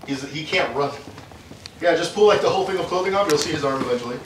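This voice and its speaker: A man's voice: on the high side, quick pace, echoey room, noisy background. A man in a scripted search scene, casual and joking with his partner. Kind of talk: scripted action comedy. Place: rooms in a house.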